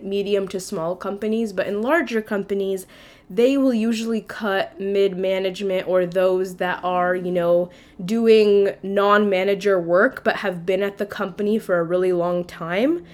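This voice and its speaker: Candid woman telling a personal story. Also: mid-range voice. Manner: candid and conversational, with casual swearing. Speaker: podcast host.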